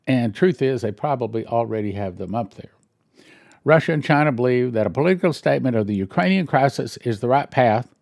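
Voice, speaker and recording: A church minister reading news headlines aloud and breaking in with wry, sarcastic asides and questions he thinks through out loud. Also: medium pitch, vocal fry, dry recording, studio quality.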